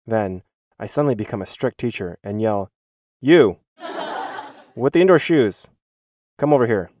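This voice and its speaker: Earnest male voice-over, low and mellow, dry close sound, reading a teacher's church testimony. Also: no room sound. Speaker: schoolteacher giving a church testimony.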